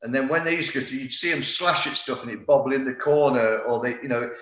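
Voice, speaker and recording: A man's voice: medium pitch, quick pace, fairly bright tone. A middle-aged man, a former footballer telling rambling anecdotes in a casual interview, full of fillers and restarts. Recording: roomy, slightly dull sound.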